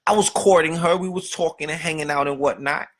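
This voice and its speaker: A man's voice: on the high side, steady tone, a little fast. A man hosting a podcast, delivering a profane, streetwise rant full of rhetorical questions. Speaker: podcast host. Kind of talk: unscripted monologue.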